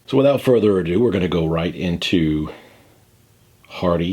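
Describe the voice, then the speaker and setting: A man in his forties with a deep, slightly husky voice hosts a music reaction video. He talks in a relaxed, wry way, dropping sarcastic and playfully theatrical asides. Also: moderate pace. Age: 40s. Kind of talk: casual reaction commentary.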